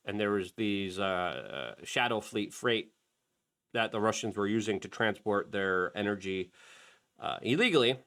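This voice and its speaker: A man's voice: fairly low pitch, measured pace, clear, resonant tone. Fired-up middle-aged man commentator. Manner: heated, rising to loud emphatic bursts. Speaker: show host. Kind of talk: commentary on a played clip.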